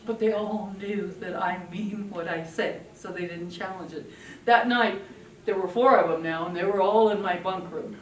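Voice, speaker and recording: An older woman giving a parenting talk to an audience, telling stories in an animated way and acting out children's voices. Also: medium pitch, normal speed, echoey room, recorded from a distance. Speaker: parenting speaker.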